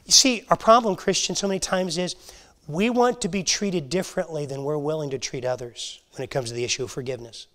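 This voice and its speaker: A man teaching a Bible lesson to a church class, earnest and halting, often restarting his sentences. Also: fairly high pitch, a bit bright. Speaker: Sunday school teacher.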